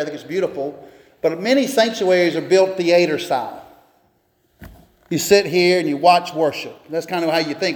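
A man's voice: high voice, a little mellow. A man preaching a sermon in a church, telling a folksy story and acting out its dialogue. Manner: storytelling, acts out dialogue in raised voices. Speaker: pastor. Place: church sanctuary. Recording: long hall reverb.

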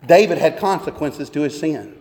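A man's voice: a little high, expressive, moderate pace, a little mellow. A man, a pastor, preaching a sermon with earnest emphasis and pointed rhetorical questions. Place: church sanctuary. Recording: echoey long reverb of a church hall.

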